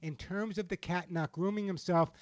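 Man, pet advice radio host, fairly high voice, dry close sound, dull lo-fi broadcast, earnest and reassuring. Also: steady tone, moderate pace, no echo. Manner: warm, emotional, gently reassuring advice.

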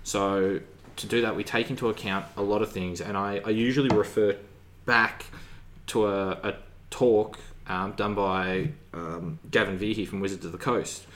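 A man who programs games, a guest on a podcast, explaining his work in a measured way. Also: lowish voice, steady tone, fairly bright tone. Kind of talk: casual podcast interview.

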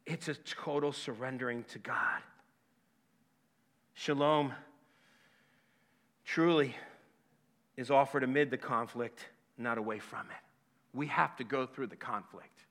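A man in his fifties preaching a sermon, emphatic and impassioned, then dropping to a hushed voice for a personal story. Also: medium pitch, slow, pauses often. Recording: long hall reverb.

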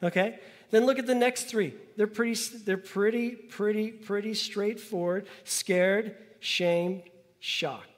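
A man's voice: high-pitched, fairly even intonation, slow pace. Guy pastor giving a sermon in church, casual talky style, gets folks to say stuff back, long echo tail. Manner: conversational, asks the congregation to repeat after him. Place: church sanctuary. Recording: long hall reverb.

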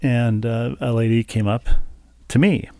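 A man's voice: mid-range voice, steady tone, unhurried, warm tone, no room sound. A middle-aged man co-hosting a podcast, telling a story in casual chat with dry, wry humor. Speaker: podcast co-host.

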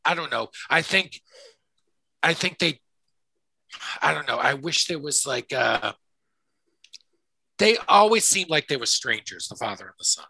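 A man co-hosting a podcast, giving his opinion on a film in a hesitant, halting way with lots of fillers. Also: fairly high pitch, lively intonation, gravelly, sharp tone, breathy edge, dry recording, poor audio. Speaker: podcast co-host. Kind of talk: casual movie chat.

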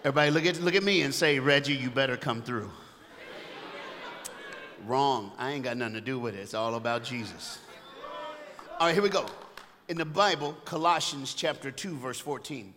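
A man preaching an energetic sermon, calling out to the crowd and getting them to repeat lines back. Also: a little high. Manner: loud, exhorting, call-and-response. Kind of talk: energetic call-and-response sermon. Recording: long hall reverb, faint ambience.

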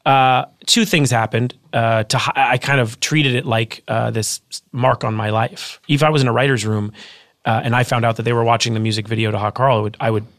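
A man in his thirties, an author guest telling his story in a casual interview, earnest and quick with frequent restarts. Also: mid-range voice, steady tone, fairly bright tone, no room sound, clean studio sound.

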